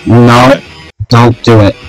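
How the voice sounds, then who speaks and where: A man's voice: medium pitch, little pitch movement, slow pace, over music, low-quality recording. A young man hosting a casual game video, rambling and joking with lots of fillers and swearing. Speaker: gamer and video host. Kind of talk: casual gameplay role-play chat.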